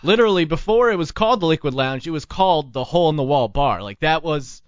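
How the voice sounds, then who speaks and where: A man's voice: a little high, lively intonation, quick pace, no room sound, lo-fi sound. A man hosting a casual talk show, telling rambling stories with plenty of restarts. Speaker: podcast host. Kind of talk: casual chat.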